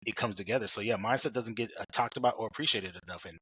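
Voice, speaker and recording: A man's voice: lowish voice, quick pace, pushed and bright, husky, no room sound, low-quality recording. A man hosting a podcast interview in a rambling, casual way with many fillers. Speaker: podcast host.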